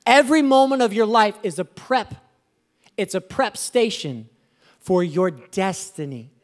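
A man preaching a sermon as a pastor, animated and swelling to emphatic exclamations. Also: high voice, measured pace.

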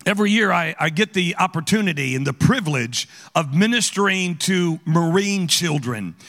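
A high, bright-voiced man preaches as a guest speaker. His voice leaps up and down as he teases and calls out to the congregation in a church auditorium. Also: normal speed, long reverb tail. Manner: animated, teasing, calls out to the audience. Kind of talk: playful sermon with audience interaction.

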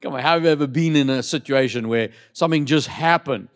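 A middle-aged male pastor preaching a lively sermon in church, leading the congregation in call-and-response. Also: mid-range voice, brisk.

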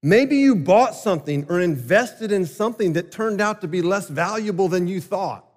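A male pastor delivering a sermon, emphatic and swinging between loud and quiet passages. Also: high-pitched, expressive, normal speed. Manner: emphatic, rising and falling delivery. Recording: long hall reverb.

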